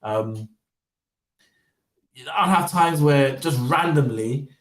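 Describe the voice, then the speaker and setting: A man talks casually to camera and rambles through his points. He fills them with "um" and repeats his words as he thinks. His voice is of middling pitch and sounds roomy and a little distant from the mic. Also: animated, slow pace. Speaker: vlogger. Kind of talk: casual monologue.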